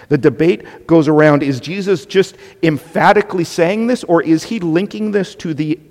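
A male pastor delivers a sermon with emphatic, conversational energy, breaking into asides to his listeners. His voice sits a little high for a man. The sound carries the long reverb of a church sanctuary. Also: darkish tone.

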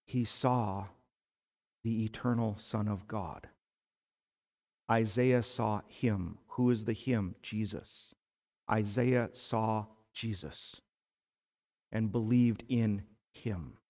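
Slow, emphatic male preacher in a reverberant hall. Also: fairly low pitch, warm tone. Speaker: pastor. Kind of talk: sermon. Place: church sanctuary.

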